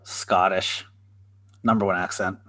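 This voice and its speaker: Low-voiced laid-back podcast co-host man. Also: flat delivery, unhurried, pushed and bright. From Canada. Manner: laid-back, swears freely, laughs at his own jokes. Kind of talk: casual chat.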